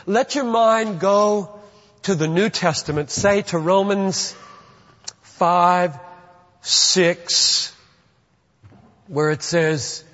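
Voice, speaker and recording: A man's voice: sits high, drawn-out words, long pauses, a bit bright. A man preaching a sermon as a pastor, earnest and building to fervent emphasis. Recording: dull, lo-fi recording in a reverberant hall.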